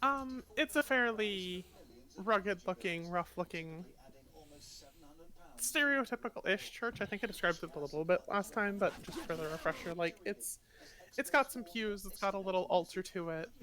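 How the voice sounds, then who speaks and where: A woman's voice: medium pitch, lively intonation, moderate pace, a bit bright. A woman acting as game master, describing scenes in a loose, hesitant way with many fillers. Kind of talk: narrating a tabletop game.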